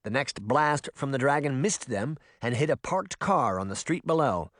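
A man narrating a fantasy audiobook in an expressive reading voice. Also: mid-range voice, moderate pace, dry recording, clean studio sound. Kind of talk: scripted narration.

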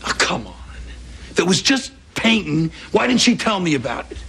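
A man's voice: high-pitched, very animated, moderate pace, vocal fry, sharp tone, a little hiss or hum, full character voice. An actor playing a worried, fumbling father who stammers and hesitates, in a sitcom. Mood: troubled. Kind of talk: sitcom acting.

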